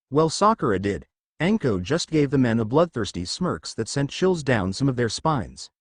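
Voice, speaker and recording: A man reading a fan fiction story aloud with an animated, lively storytelling delivery. His voice is mid-pitched and the recording is close and dry, with no room sound. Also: dry recording. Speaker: narrator.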